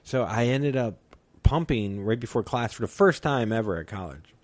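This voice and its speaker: A man's voice: medium pitch, normal speed. A man telling a funny story on a podcast in casual chat, swearing and laughing as he goes. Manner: animated, swears a lot, laughs through his story. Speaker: podcast guest.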